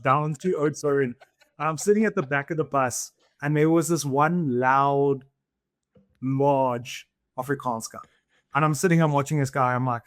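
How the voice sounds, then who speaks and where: A man telling quick, excitable anecdotes in a casual podcast chat, stumbling over restarts. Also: mid-range voice, no echo, studio quality. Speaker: podcast co-host.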